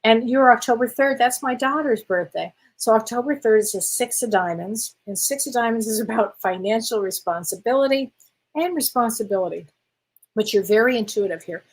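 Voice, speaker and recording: On a rough recording, an older spiritual medium speaks at normal speed in a voice on the high side. She hosts a live Q&A, reading viewer comments aloud and answering them in a casual, laugh-filled chat.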